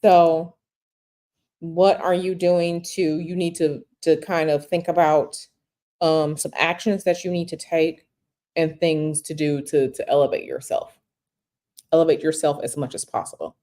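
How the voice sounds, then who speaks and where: A woman gives a live-stream tarot reading, reading viewer questions aloud and answering them directly in a conversational way, repeating phrases for emphasis. Her voice is low-pitched and mellow, with fairly even intonation and a measured pace.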